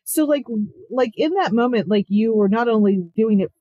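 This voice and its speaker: A woman's voice: fairly high pitch, lively intonation, normal speed, mellow, no echo, muffled recording. A woman hosting a podcast interview, reflective and thinking aloud with frequent fillers. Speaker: podcast host. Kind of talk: conversational interview.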